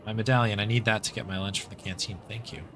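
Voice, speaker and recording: A man reading the lines of a gruff, busy woman engineer at a world's fair in a game, in his own plain voice. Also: on the low side, fairly even intonation, fast, fairly bright tone, soft background music. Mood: brusque. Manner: grumbling, brusque, read in his own voice.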